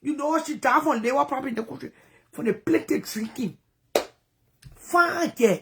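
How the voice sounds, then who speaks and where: A woman with a strongly Liberian English accent pours out a personal story in a vlog monologue. Her voice sits very high, and she swings between near-whispered asides and sudden loud bursts as she tells it. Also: normal speed, background noise. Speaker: vlogger.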